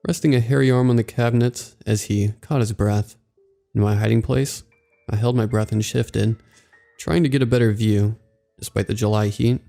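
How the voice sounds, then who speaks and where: A man narrating a scripted horror story in a slow, measured way. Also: lowish voice, gravelly, mellow. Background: faint background music.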